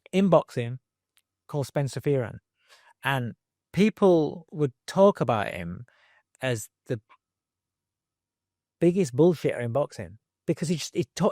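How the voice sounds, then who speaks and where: A man's voice: on the high side, a little mellow, no room sound, clean studio sound. A middle-aged man, a boxing trainer, telling his story earnestly in an interview, restarting and repeating himself, with casual slang. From Britain.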